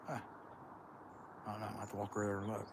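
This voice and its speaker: This Central Ohio livestream host talks quickly in a completely flat delivery, rambling through a casual chat in a lazy Kentucky drawl with a somewhat low voice. He's standing in open farm fields. Faint outdoor noise carries in the background.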